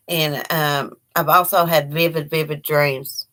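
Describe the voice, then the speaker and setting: Speaking from home on a casual livestream, a woman with an Appalachian accent from Eastern Kentucky reads out viewer comments and chats in a folksy manner, laughing often and addressing her dog. Her voice is deep, level, and a bit bright, delivered at a measured pace with hardly any pauses.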